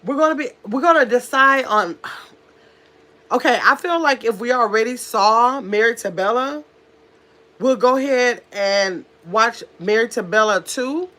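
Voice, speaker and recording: A woman's voice: a little high, unhurried, sharp tone. A woman hosting a casual home livestream, chatting with viewers and reading out their comments. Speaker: livestream host. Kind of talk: casual live chat with viewers. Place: at home in pajamas.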